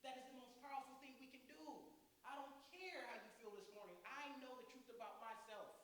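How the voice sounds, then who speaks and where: Bright-voiced man preaching in an echoey hall. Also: very high voice, a little fast. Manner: animated storytelling preacher. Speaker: guest speaker. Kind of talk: sermon. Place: church sanctuary. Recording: very echoey hall with faint hiss.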